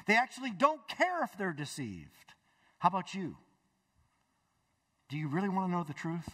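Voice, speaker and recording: A male pastor preaching a sermon in a church, emphatic, swinging between loud exclamations and hushed asides. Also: high-pitched, big pitch swings, normal speed, long pauses, breathy edge, recorded from a distance. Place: church sanctuary.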